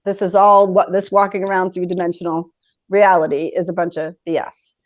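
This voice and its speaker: In a dry, dull lo-fi recording, a woman in her forties with a lowish voice guests on a podcast and shares a personal story in conversation. She's animated and laughs easily while acting out how she reacted back then.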